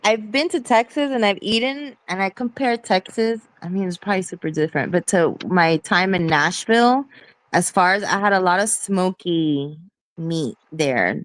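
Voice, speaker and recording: A woman's voice: on the low side, no echo. A woman chatting casually on a live online call, rambling with fillers and laughing often. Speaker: guest in a live audio chat. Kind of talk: casual chat.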